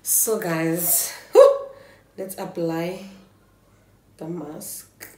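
A young woman from South Africa talks to her camera in a relaxed home vlog, thinking aloud and sounding a little nervous. Her voice sits low and mellow, and she speaks slowly. The room around her echoes. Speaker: beauty vlogger. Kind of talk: casual vlog chat to camera.

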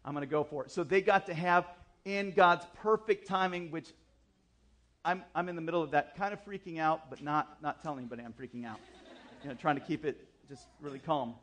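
During a church service, a man preaching as the pastor tells a personal story, chatty and animated, with asides and self-deprecating jokes. His voice is on the high side and his delivery is brisk.

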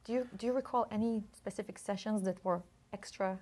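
A woman's voice: mid-range voice, fairly even intonation, brisk. A woman interviewing a guest, asking short questions and giving brief encouraging prompts. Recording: loud music behind the voice.

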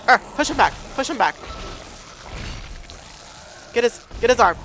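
A woman's voice: on the high side, lively intonation, a little slow, long pauses, fairly bright tone, slight background noise. A woman playing a horror game and commenting casually, nervous and self-mocking, talking to the game. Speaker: let's play gamer.

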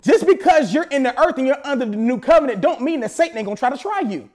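A man preaching a sermon as pastor at a church service, animated, with playful asides. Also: extremely high pitch, fast.

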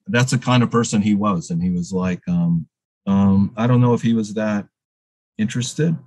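Low-voiced man telling stories, dry close mic. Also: a little mellow, breathy edge, dry recording, rough recording. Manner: rambling storyteller with many fillers and restarts. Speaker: interview guest, filmmaker. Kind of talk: casual interview chat.

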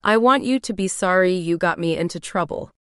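Audiobook figure: woman reading a snarling, accusing young man, smooth-toned and dry. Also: lowish voice, a little fast, fairly bright tone, no room sound, natural voice. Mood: resentful. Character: resentful young man, demanding and threatening.

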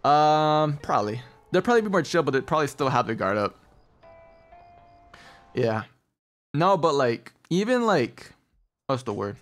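Animated young man spinning stories on stream. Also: on the high side, normal speed, long pauses, faint music behind. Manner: animated storyteller, laughs often, says bro a lot. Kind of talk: casual gaming stream chat.

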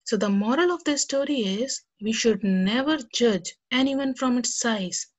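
Speaking straight to young children with good cheer, a woman teaches them and reads a story. Her slightly high voice is animated, and she keeps a measured pace.

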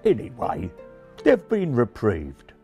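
A man's voice: mid-range voice, wildly swooping pitch, takes it slowly, gravelly, lo-fi sound, soft background music, full character voice. A man voicing a smug know-it-all male raven with a cheeky, mocking, chuckling manner, in a storybook reading. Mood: boastful.

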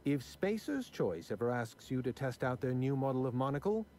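Male actor as a pedantic snob, fussy precise diction, lively intonation, game dialogue. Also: medium pitch, normal speed, lightly acted. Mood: dry. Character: prim pedantic aristocratic man, numbers-obsessed.

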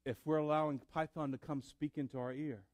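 A man preaching a sermon in church, building up to loud fervor. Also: fairly high pitch, steady tone, a little fast, dry recording. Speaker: pastor. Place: church sanctuary.

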